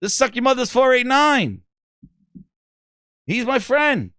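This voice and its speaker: A man voicing a pushy, loud young male gamer influencer who brags about his badge. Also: very high-pitched, very animated, takes it slowly, smooth, no echo, studio quality, voice pushed up, full character voice. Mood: boasting. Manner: brash, pushy bragging.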